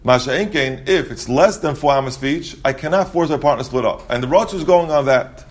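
A man's voice: medium pitch, fast talker. Guy teaching talmud, sing-songy, keeps asking and answering his own questions. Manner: sing-song explanatory, rhetorical questions, frequent restarts. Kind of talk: Talmud study lesson.

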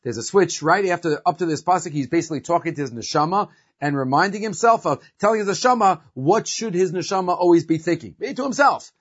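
A man's voice: fairly high pitch, fast talker, slightly rough, lo-fi sound. A man teaching a religious lesson, explaining and translating verses and often asking "right?". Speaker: Torah teacher.

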